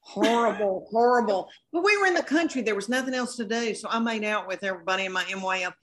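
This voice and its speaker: A woman. She is chatty and folksy, full of exclamations, and sits at a middle pitch for a woman. She is a comedian guest on a casual podcast. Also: fast talker, fairly bright tone. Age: 50s.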